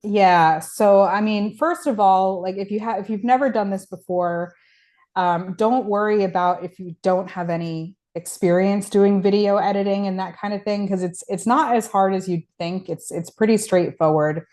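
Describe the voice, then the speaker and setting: A woman's voice: medium pitch, moderate pace, a little mellow. A woman being interviewed, talking in a casual, conversational way with many fillers. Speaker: guest.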